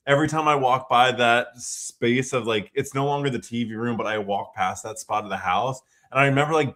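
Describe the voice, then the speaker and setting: A man's voice: medium pitch, a bit bright. Chuckling man telling stories. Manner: rambling storyteller, quick and chuckling. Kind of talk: casual chat on a livestream.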